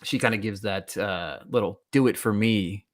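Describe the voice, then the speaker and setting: A man co-hosting a podcast, walking through a TV episode in relaxed casual chat, with frequent laughs and "um" and "you know.". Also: fairly low pitch, moderate pace. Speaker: podcast co-host. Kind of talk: casual chat recapping a TV show.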